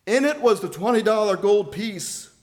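An older man preaching a sermon, building to emphatic loud phrases and then dropping to a quiet, low delivery. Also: expressive, normal speed.

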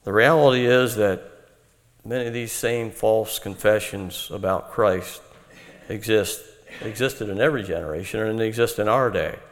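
A man preaching an earnest, measured Bible-teaching sermon. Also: on the low side, in a large hall.

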